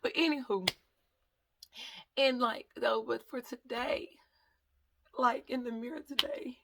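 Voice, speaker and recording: Woman vlogging, kinda gravelly, pitched a bit high, rambly and heartfelt. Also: unhurried, fairly bright tone, slight background noise. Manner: heartfelt, rambling, tearful at times. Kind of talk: emotional casual vlog talk.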